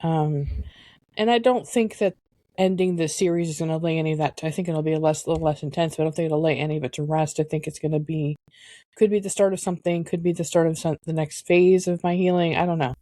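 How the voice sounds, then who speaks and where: Woman on a podcast, lowish mellow voice, halting and thoughtful, dry close sound. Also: steady tone, no room sound. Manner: reflective, halting, searching for words. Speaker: podcast co-host. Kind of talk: candid personal conversation.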